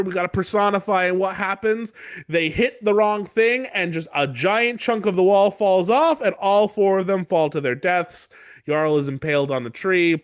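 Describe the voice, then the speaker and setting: A man hosting a casual book-club podcast, retelling chapters in an animated way with frequent swearing and laughter. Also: sits high, normal speed, dry recording. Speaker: podcast host.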